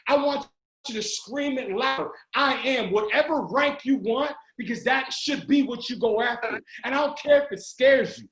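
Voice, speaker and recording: A man giving an energetic motivational pep talk to a sales team over a video call, often shouting and urging listeners on. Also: extremely high pitch. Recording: roomy video call audio.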